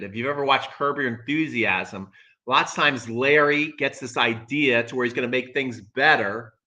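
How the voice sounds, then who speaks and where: Bright-voiced man giving blunt tennis opinions. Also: medium pitch. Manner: emphatic, repeats points, reads viewer comments aloud. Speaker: tennis commentator hosting a live stream. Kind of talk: casual opinionated commentary.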